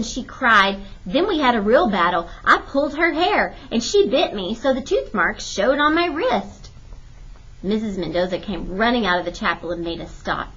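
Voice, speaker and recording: A woman narrating a children's historical novel in steady, clear audiobook storytelling. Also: mid-range voice, a little slow. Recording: dull lo-fi recording.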